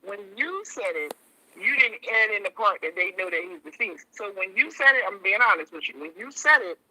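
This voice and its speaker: A man calls in to a show over a tinny phone line. His voice is high and very bright. He explains things at length and keeps agreeing with "right". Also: animated, brisk. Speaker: caller.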